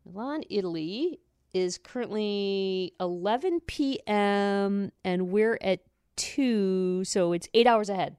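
A woman's voice: mid-range voice, slow pace, a little mellow, clear, resonant tone, no room sound, clean studio sound. Chatty, self-mocking radio co-host woman. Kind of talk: casual chat.

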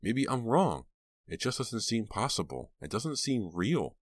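A man's voice: on the low side, big pitch swings, unhurried, no echo, studio quality, pitched above the performer's own voice. A man voicing a teenage girl's anxious inner thoughts, questioning herself, in an audiobook. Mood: uneasy. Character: teenage girl, anxious and inward-thinking.

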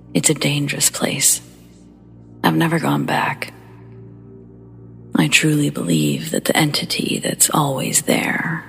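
A woman hosts a horror story show, narrating first-person accounts in a deep, hushed, breathy whisper edged with gravelly fry. Her delivery is slow and measured.

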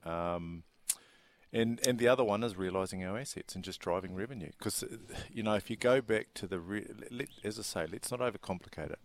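A man, a racing industry chief executive giving measured, businesslike interview answers. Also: lowish voice.

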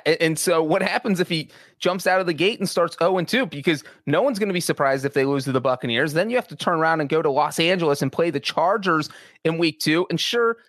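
A sports writer co-hosting a podcast offers casual analysis, chatting through his views with many restarts and asides. His voice is a little high and fairly bright, he talks at a quick pace, and there's no echo.

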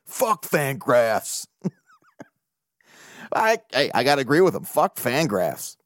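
A man hosting a casual sports talk podcast, animated and profane, laughing often as he rants. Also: medium pitch, a little slow, no echo. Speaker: podcast host.

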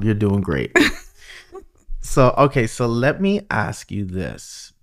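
A middle-aged man hosting a podcast, chatting casually and telling stories animatedly, often repeating words. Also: mid-range voice. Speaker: podcast host. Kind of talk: casual conversation.

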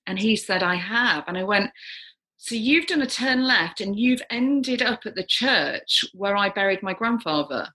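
A middle-aged woman who works as a psychic medium recounts an uncanny experience in conversation, her voice bright and forward. She tells it unhurriedly but with lively storytelling energy, gasping and swooping her pitch to act out the voices of the people in her tale.

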